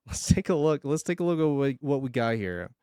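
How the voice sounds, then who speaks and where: A man streaming live, chatting casually and joking as he reacts, laughing often and breaking into excited bursts. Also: mid-range voice, unhurried, clean tone, no echo, studio quality. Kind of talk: casual live-stream commentary while drawing.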